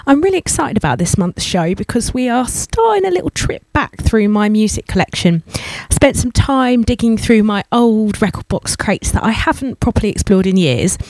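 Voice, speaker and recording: A woman's voice: fairly high pitch, big pitch swings, normal speed, a little mellow, no echo, low-quality recording. A woman hosting a radio music show, talking chattily and with enthusiasm about the tracks she plays.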